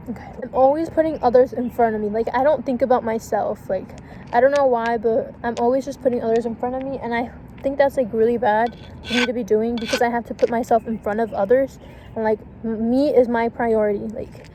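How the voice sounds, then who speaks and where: A woman's voice: fairly high pitch, mellow, low-quality recording. A young woman casually telling a storytime vlog, swearing a lot and filling her talk with "like" and "and shit.". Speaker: vlogger. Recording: faint background noise.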